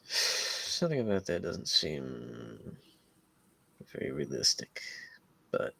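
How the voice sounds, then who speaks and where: A man voicing a wistful young woman who left home, speaking hesitantly with many pauses. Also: deep voice, sing-song, gravelly, pushed and bright, exaggerated voice. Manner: hesitant, halting, full of pauses.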